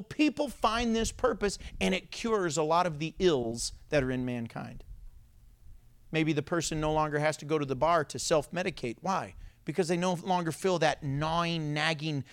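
A man preaching a sermon as pastor in a church, playful and energetic, joking with the congregation. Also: fairly high pitch, normal speed, smooth. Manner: playful, self-mocking, energetic.

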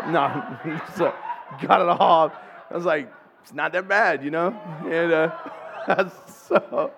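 A man preaching a sermon, telling a funny personal story in an animated way and acting out the voices of the people in it. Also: high voice, creaky. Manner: animated storyteller, acts out voices and laughs at his own jokes. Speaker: pastor.

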